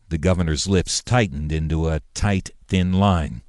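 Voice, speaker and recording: A man narrating an audiobook in an even, measured reading. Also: very deep voice, no echo, clean studio sound. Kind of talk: scripted narration.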